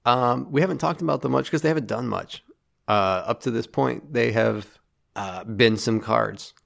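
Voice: medium pitch, moderate pace, gravelly. A podcast co-host in casual chat, with dry, wry humor.

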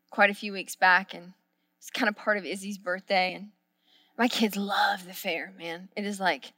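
A woman pastor, preaching a sermon and telling a story, moving from hushed, intimate lines to loud, excited shouts. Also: medium pitch, no room sound, clean studio sound.

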